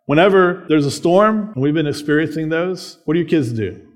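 A man's voice: a little high, animated, a little fast. A man preaching a sermon as a pastor, conversational, often checking in with tag questions.

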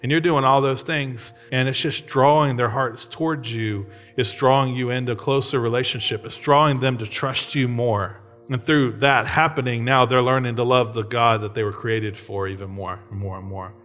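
A man's voice: mid-range voice, fairly even intonation, normal speed, hardly any pauses, fairly bright tone, soft background music. A man in his thirties preaching a sermon in a conversational way, often checking in with his listeners. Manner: conversational, frequent tag questions. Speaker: pastor.

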